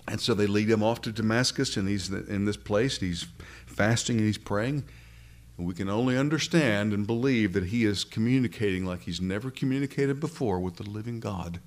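A man's voice: fairly low pitch, fairly quick. A man pastor preaching a sermon, earnestly addressing his congregation directly.

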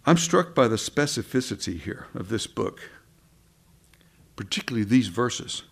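A man's voice: medium pitch, lively intonation, normal speed, vocal fry. A man preaching a sermon in a conversational way, with asides and rhetorical questions.

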